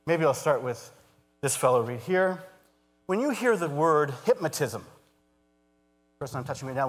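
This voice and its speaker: A man with a somewhat high voice gives a live stage talk as a hypnotist. He moves between calm, soothing trance suggestions and lively explaining. His voice rings out with a long reverb in a large hall.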